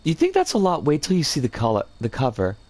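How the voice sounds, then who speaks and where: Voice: mid-range voice, huge pitch swings, quick pace, a little mellow, no echo. A game streamer talking casually while building a level, chatting with viewers and often stopping to correct themselves. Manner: rambling, chats with viewers and reads chat aloud; self-correcting, trips over words.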